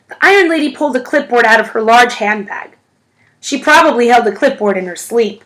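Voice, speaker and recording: A woman narrating a novel in the first person, with an expressive storytelling manner. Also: on the high side, fairly quick. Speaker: audiobook reader.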